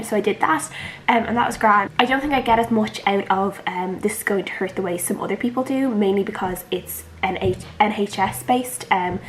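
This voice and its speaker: A woman's voice: medium pitch, slight background noise, rough recording. A young Irish woman in her twenties, a book vlogger chatting casually and rambling with lots of filler words. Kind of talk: casual chat.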